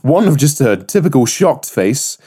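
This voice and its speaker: Animated, rambling podcast man. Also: medium pitch, moderate pace, slightly rough. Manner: animated, rambling, swears freely. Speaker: podcast co-host. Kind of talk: casual podcast chat.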